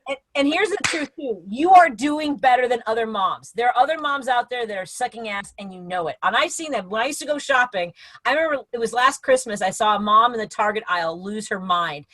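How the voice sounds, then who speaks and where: A woman's voice: a little high, expressive, brisk, a bit bright. A woman in her forties doing a brash, self-mocking stand-up set over a video call from home. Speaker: stand-up comedian. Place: home, before a green screen.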